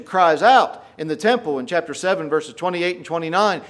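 A man preaching a sermon, retelling scripture dramatically with folksy paraphrase and getting louder on the quoted lines. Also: on the high side, brisk, few pauses. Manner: emphatic, rises in volume for quoted lines.

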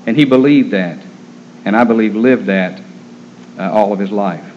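A man preaching a sermon in an earnest, gentle storytelling manner. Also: fairly low pitch, normal speed, a little hiss or hum. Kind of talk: sermon on caring for the terminally ill. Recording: dull lo-fi recording.

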